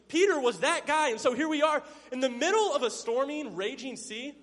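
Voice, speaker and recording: Expressive, a little fast and hardly pausing, the high-voiced male pastor delivers his sermon in shifts between loud stress and soft asides. He playfully plays the parts of Bible figures, echoed by a large hall's long reverb.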